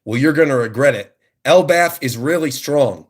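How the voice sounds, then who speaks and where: A man reading the lines of a male villain who taunts captive children, in a slow, mocking voice. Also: mid-range voice, lively intonation, natural voice. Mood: gloating.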